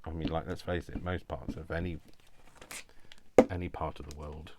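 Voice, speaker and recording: Chatty low-voiced man crafting. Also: level tone, normal speed, heavy background noise. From not from Yorkshire, lives there now. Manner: rambling, chatty, self-deprecating asides. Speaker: crafting vlogger. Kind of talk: casual chat while crafting.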